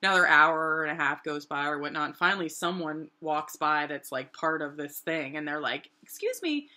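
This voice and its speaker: Middle-aged New woman, lively vlog storyteller with a slightly low, bright, forceful voice. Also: moderate pace. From New Hampshire, USA. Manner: animated, acts out quoted voices with big pitch jumps. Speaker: artist telling her story. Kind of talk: casual storytelling.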